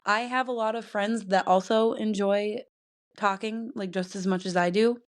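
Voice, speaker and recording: A woman's voice: medium pitch, fairly even intonation, moderate pace. Chatty young woman rambling on her podcast. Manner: rambling, chatty, laughs often. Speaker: podcast host. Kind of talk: casual solo podcast chat.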